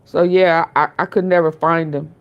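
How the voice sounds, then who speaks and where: A woman's voice: low voice, steady tone, normal speed, highs cut off. A woman hosting her own show, casually commenting on a trial and reacting to a clip, often hesitating and repeating words.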